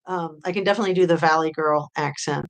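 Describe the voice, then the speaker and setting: A true crime host with a somewhat low voice chats loosely with her live viewers. She rambles, filling pauses with plenty of ums and uhs while reading out comments from the live chat.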